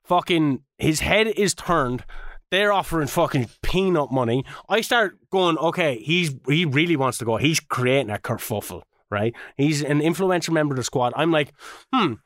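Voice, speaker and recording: Animated swearing man, fairly high voice. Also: normal speed, dry recording. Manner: animated, swears a lot, acts out quotes. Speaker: podcast co-host. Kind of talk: casual gaming chat.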